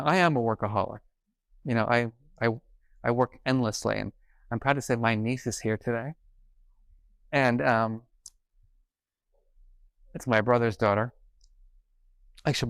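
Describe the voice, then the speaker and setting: A middle-aged man giving a conference keynote, telling stories and acting out quoted dialogue in an animated way. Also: mid-range voice, creaky, no room sound. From New York. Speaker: keynote speaker. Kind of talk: conference talk, storytelling. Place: conference stage.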